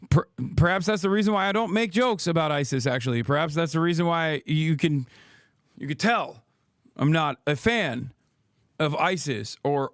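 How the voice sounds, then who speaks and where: A man's voice: fairly high pitch, dry recording, clean studio sound. A man in his thirties streaming an angry, profane political rant, full of sarcastic rhetorical questions. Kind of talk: ranting livestream commentary.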